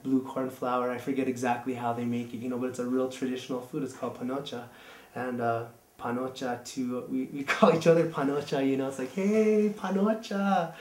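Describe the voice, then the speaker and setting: A man's voice: mid-range voice, echoey room. A man telling a personal story in a casual, rambling way, full of fillers.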